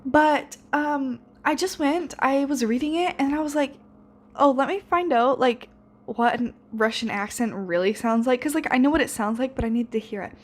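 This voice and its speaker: A woman's voice: sits high, normal speed. A seventeen-year-old girl chatting casually in a reading vlog, rambling with lots of fillers and restarts. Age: teens. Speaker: book vlogger.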